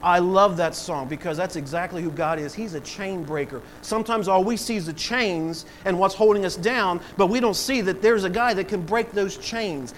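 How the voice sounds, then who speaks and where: A man's voice: sits high, normal speed, few pauses, a little hiss or hum, rough recording. A man preaching a sermon as pastor, acting out voices and swelling in volume for emphasis.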